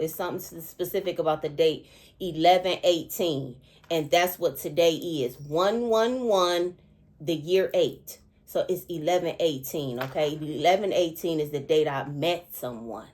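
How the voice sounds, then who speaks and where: A middle-aged woman with a slightly low voice shares a spiritual dream in a heartfelt monologue. She repeats herself for emphasis and keeps pausing to ask her listeners "okay?". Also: darkish tone. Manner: emotional, repetitive, keeps checking in with "okay?". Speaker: spiritual seer.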